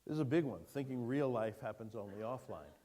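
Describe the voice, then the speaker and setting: A man giving a keynote lecture to an audience, lively and engaging, putting questions to the room. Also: mid-range voice, fairly quick. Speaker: keynote speaker. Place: lecture hall before an audience.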